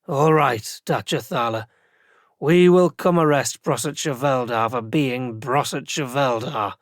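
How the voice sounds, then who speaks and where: A man voicing a blunt, practical male watch captain in an audiobook, slow and deliberate. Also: mid-range voice, dry recording, clean studio sound, natural voice. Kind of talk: audiobook character voice.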